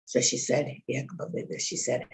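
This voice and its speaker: An older woman with a brisk, slightly mellow voice and a little hiss or hum chats casually with fellow congregants. She tells a rambling story packed with fillers and quoted speech.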